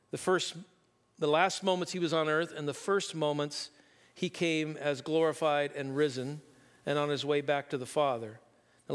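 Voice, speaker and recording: A man preaching a sermon, telling a story and reading scripture slowly and deliberately. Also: a little high, a bit bright. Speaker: pastor. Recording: long reverb of a large room.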